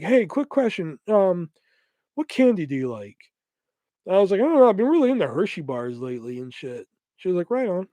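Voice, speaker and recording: A young man tells a story on his podcast in loose, swear-heavy talk and acts out each quoted line. His voice sits a little higher than most men's. The recording is close and dry, with no room sound. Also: dry recording. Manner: profane, animated retelling with quoted voices. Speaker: podcast host. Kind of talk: casual storytelling.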